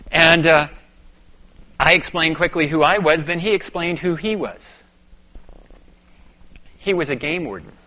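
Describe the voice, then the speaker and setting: A male preacher telling a personal story in a sermon, dropping to a hush and rising to urgent bursts. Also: a little high. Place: church sanctuary. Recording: dull lo-fi sound.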